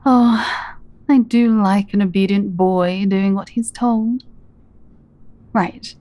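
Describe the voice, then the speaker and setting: A woman performing a scripted dominant audio role-play, speaking in a teasing, commanding way and often dropping into soft whispers. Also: medium pitch. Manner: teasing, commanding, slow and deliberate; soft-spoken, drops into breathy whispers.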